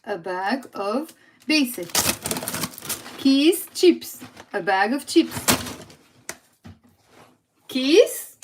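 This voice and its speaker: A woman's voice: sits high, very animated, takes it slowly, pauses often, background noise. A young woman with a Lebanese accent teaches a live language lesson, quizzing viewers and moving between Arabic and English.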